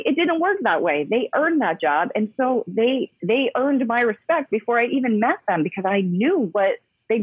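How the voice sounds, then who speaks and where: Husky-voiced woman on a tinny line. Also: fairly low pitch, no echo. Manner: emphatic, chatty, many fillers and restarts. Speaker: interview guest, yoga coach for pro athletes. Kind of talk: casual interview storytelling. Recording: dry, phone-like narrow sound.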